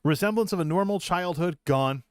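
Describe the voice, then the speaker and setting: A man's voice: a little high, expressive, normal speed, dry recording, clean studio sound. A middle-aged man from Massachusetts telling a rambling, self-deprecating story about his own life in a vlog. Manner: rambling, self-deprecating, with frequent restarts and chuckles. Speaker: vlogger. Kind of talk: personal storytelling monologue.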